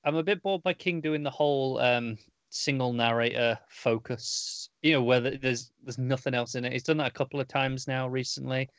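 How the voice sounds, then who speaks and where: A man's voice: mid-range voice, fairly even intonation, normal speed, a bit bright, no echo. An easygoing man chatting on a podcast in a middle-range voice. He hesitates and repeats words before he makes his point. The recording is dry and close, with no room around it. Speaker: podcast co-host. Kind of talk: casual comic book chat.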